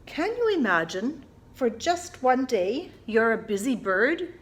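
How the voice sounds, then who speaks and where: Woman children's librarian, high and slow, playful storytime reader who leads kids in actions. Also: sing-song. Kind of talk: family storytime reading for young children.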